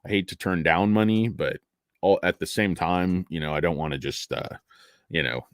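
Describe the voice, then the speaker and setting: A man's voice: sits low, normal speed, no room sound, clean studio sound. A man hosting a casual stock market talk, rambling and joking, tired from lack of sleep. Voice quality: rambling, joking, self-deprecating. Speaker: stock market commentator host.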